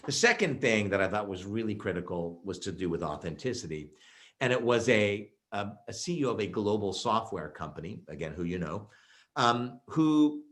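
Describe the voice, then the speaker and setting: A man with a fairly low voice delivers a keynote talk to an online audience. He tells stories with energy and emphasis, often with fillers and restarts. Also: animated, moderate pace, fairly bright tone. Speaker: keynote speaker. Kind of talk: virtual keynote presentation.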